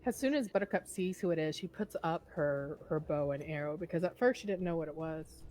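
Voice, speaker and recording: A woman's voice: deep voice, brisk, warm tone, low-quality recording. A woman playing in a tabletop game, describing her character's actions casually and a little hesitantly. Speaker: player.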